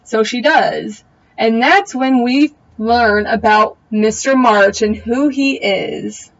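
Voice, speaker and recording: A woman's voice: fairly high pitch, slow, vocal fry, highs cut off. A young woman giving a casual, opinionated recap of a TV episode, full of slangy asides. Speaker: TV recap vlogger.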